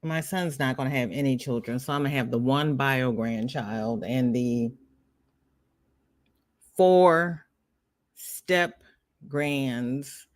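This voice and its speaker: A woman's voice: rumbling low, fairly even intonation, normal speed, hardly any pauses, dry recording, studio quality. An older woman hosting a casual craft livestream, chatting and reading viewer comments aloud in a teasing, friendly way. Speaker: livestream host.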